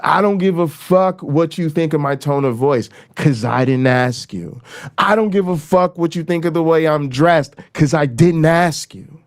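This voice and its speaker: Heated, profane man ranting to camera. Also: unhurried. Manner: profane, emphatic, heated; repeats lines for punch; swings between raised emphasis and low, dropped delivery. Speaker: channel host. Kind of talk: impassioned political rant to camera.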